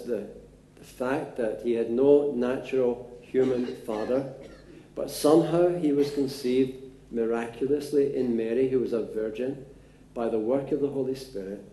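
A man preaching a sermon in a relaxed, conversational way, pausing often with fillers. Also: medium pitch, echoey room. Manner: unhurried, conversational with frequent fillers.

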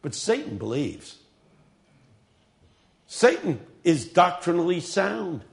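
A man's voice: high voice, sing-song, slow, gravelly. A male preacher delivering a dramatic sermon, telling stories with humor.

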